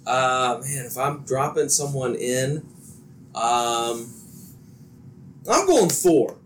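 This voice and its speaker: Ohio guy hosting a wrestling podcast, animated, laughs a lot, faint room noise. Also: mid-range voice. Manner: animated, laughs often, quick asides. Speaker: podcast host. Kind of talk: casual wrestling podcast chat.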